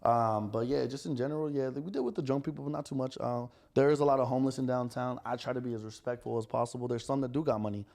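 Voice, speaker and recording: A young man, telling stories in casual podcast chat, animated and profane. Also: mid-range voice, fast, vocal fry, few pauses. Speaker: podcast guest, restaurant owner.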